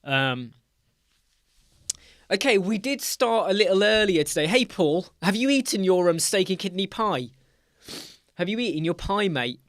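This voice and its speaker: A man's voice: sits high, sing-song, unhurried, long pauses, a bit bright, no room sound, clean studio sound. A middle-aged man with a British accent hosting a casual live chat, talking to viewers by name in a chatty, teasing way. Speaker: livestream host.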